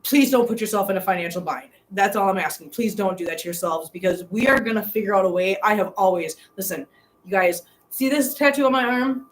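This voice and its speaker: Brisk and mid-pitched, a middle-aged woman hosts a live stream from her hotel room as the channel's host. She talks earnestly and heartfeltly to viewers and laughs frequently, captured in low-quality audio.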